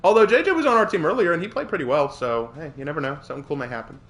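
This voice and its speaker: A man's voice: a little high, very fast, fairly bright tone. A man from the Southern United States streaming a game, chatting casually with viewers and answering their messages, often repeating and restarting his words. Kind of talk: casual live-stream chat while gaming.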